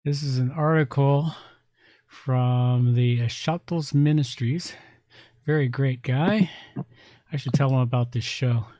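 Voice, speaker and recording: A man's voice: medium pitch, takes it slowly, mellow, no room sound, clean studio sound. A man with a Southern US accent hosting a casual podcast chat, rambling and sarcastic, often groping for words. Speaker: podcast host.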